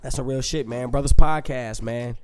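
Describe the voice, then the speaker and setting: A man's voice: medium pitch, fairly even intonation, moderate pace, a little mellow, clean tone, dry recording. Laid-back teasing man, dry sound. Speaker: podcast co-host. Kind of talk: casual chat.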